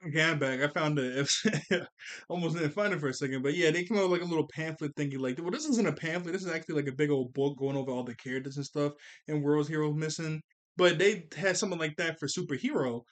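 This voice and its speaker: A man giving a casual anime review, excitable and rambling, with frequent restarts and laughs. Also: fairly high pitch, quick pace. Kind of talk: casual commentary.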